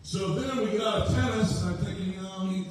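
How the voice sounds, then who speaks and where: A man's voice: high-pitched, fairly quick, background noise. Folksy man in his sixties, heavy echo. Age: 60s. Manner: folksy, joking family anecdotes. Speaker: guest speaker at a church. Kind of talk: storytelling sermon. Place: large church sanctuary. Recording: very echoey hall from far off.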